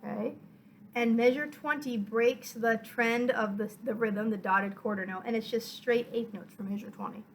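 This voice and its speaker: A woman violin teacher giving a patient, step-by-step lesson, counting beats aloud and filling pauses with "uh" and "um". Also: a little high, fairly even intonation, loud music behind the voice, low-quality recording. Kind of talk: online music lesson.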